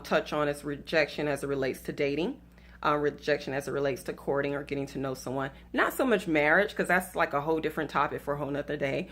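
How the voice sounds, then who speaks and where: A woman's voice: low-pitched, fairly bright tone. A woman from the US South with a Southern accent, giving faith-based dating advice in a chatty, playful way and talking straight to her viewers. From Atlanta, US South. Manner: chatty, playful, laughs at her own story; addresses viewers directly as y'all.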